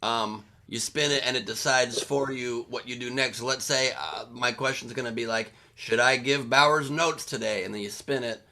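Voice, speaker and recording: A man teasing his co-hosts in casual chat, playful and quick. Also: medium pitch, fairly even intonation, pushed and bright, slight background noise.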